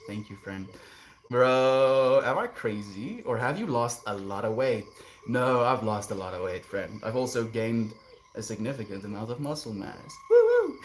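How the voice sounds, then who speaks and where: A man streaming live, reading viewer comments aloud and answering them in a relaxed, chuckling way, sometimes drifting into gentle musings. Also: medium pitch, slight background noise. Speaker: livestreamer reading chat. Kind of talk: casual livestream chat.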